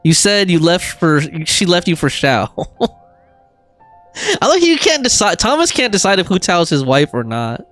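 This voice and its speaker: A man's voice: high-pitched, wildly swooping pitch, normal speed, a bit bright, faint music behind. A man streaming a game, chatting casually and reading viewer messages aloud, with frequent laughs and fillers. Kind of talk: casual gaming livestream chat.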